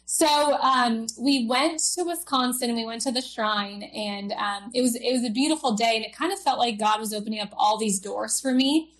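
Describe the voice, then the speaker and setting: A young woman guest telling a personal story in an interview, halting and emotional, with many fillers. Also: on the high side.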